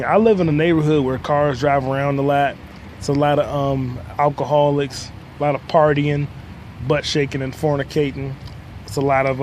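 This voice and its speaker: A young man talks to his podcast from a city sidewalk with a slightly high voice, drifting from story to story in a dry, jokey way. He sounds stuffed up with a cold. Passing cars and street noise come through clearly around him. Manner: rambling, deadpan jokey, swearing. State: has a cold, coughing. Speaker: podcast host. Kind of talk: casual solo monologue.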